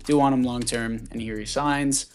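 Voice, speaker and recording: A man giving casual commentary on a football video game, chatty and thinking out loud, often stumbling over names and correcting himself. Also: medium pitch, fairly even intonation, moderate pace. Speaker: gaming YouTuber.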